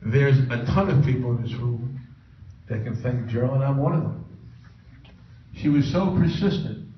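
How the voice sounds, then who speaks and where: A man's voice: medium pitch, normal speed. A middle-aged man giving a humorous, self-mocking personal story as a conference speaker. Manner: anecdotal, joking, self-mocking. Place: large conference room. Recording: echoey, distant, muffled, noisy room recording.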